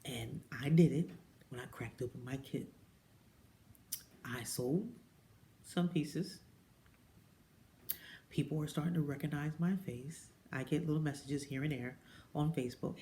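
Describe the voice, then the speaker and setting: A woman talking casually to camera, telling her own story and jumping up high when she quotes people. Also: measured pace, pauses often. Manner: animated storyteller who mimics people with high-pitched quotes and drops into whispers. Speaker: direct-sales jewelry consultant. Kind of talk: casual personal vlog monologue.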